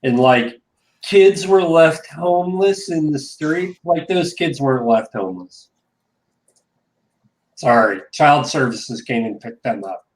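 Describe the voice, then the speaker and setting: A man's voice: fairly high pitch, slow pace, low-quality recording. Guy talking straight up on a stream, blunt takes. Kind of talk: casual chat.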